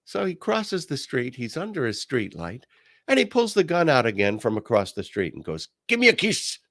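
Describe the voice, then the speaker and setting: A man hosting a podcast, telling a personal story in a casual monologue. He acts out the quoted voices at a higher pitch and drops low and quiet on his asides. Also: wildly swooping pitch, moderate pace, no room sound, studio quality. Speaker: podcast host.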